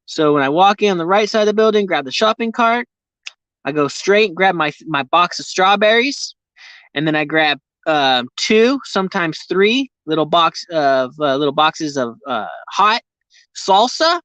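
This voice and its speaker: A man's voice: a little high, expressive, moderate pace, a bit bright, dry recording. A man vlogging casually from inside his vehicle, rambling and ranting with constant profanity. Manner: profane, heavy swearing, ranting.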